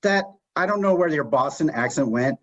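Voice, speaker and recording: A man hosting an improv game, giving rules with many pauses and fillers. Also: a little high, expressive. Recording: dull lo-fi stream audio.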